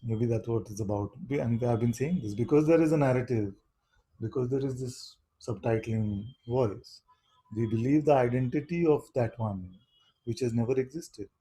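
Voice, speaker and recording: A man giving a satsang talk as a spiritual teacher, speaking in an unhurried, questioning way and often asking "you see?". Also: mid-range voice, warm tone, husky, rough recording.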